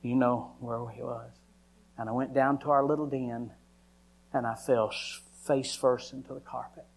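A man tells his story from the pulpit in a testimony sermon. His voice sits at an ordinary middle pitch, and he delivers it as dramatic storytelling that now and then sinks to a hush. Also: steady tone, normal speed. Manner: dramatic storytelling, acting out his own cries. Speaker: preacher.

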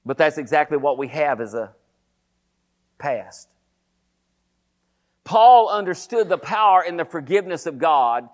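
A man preaching a sermon, talking fast and emphatically, often repeating phrases. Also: high-pitched.

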